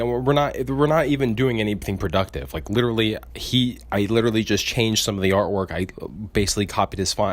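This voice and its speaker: A man with a very low, deep voice talks through a long, casual rant on his podcast. He rambles, repeats "like" constantly and swears freely as he complains. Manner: rambling and profane, heavy use of filler "like". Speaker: podcast co-host. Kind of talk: casual venting monologue.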